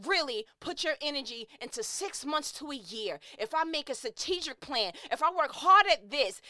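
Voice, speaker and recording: A woman's voice: high-pitched, bright, forceful tone, no room sound, studio quality. A woman giving an impassioned, preachy motivational monologue, emphatic and repeating phrases to drive her point home.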